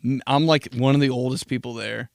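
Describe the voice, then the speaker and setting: A man's voice: medium pitch, steady tone, a little fast, creaky, no room sound, clean studio sound. A young man hosting a solo podcast, telling rambling, profane stories and laughing at his own jokes. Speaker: podcast host. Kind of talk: casual solo podcast monologue.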